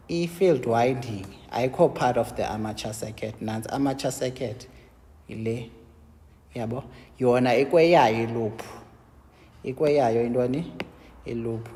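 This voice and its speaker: An engineering lecturer with a South African Xhosa accent teaches step by step, mixing English and Xhosa and answering his own questions with quick checks like "yabo?". His medium-pitched voice is dark in tone, heard in a big room with a little hiss or hum.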